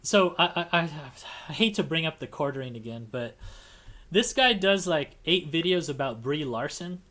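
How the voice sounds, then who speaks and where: Hosting a casual livestream conversation, a podcast host rambles along with lots of restarts and fillers. His voice sits a little high, bright and forceful, with lively intonation at a normal speed.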